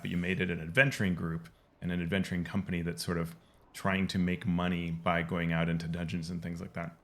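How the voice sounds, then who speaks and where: A man giving casual, rambling commentary over gameplay as he explains game lore, pausing often to restart his sentences. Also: low-pitched, a bit bright. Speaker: game lore video host.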